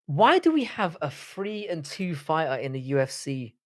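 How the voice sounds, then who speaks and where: A man's voice: a little high, big pitch swings, normal speed, no room sound, studio quality. A man hosting a live stream, chatting casually, reading chat comments aloud and answering with swearing banter. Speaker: livestream host.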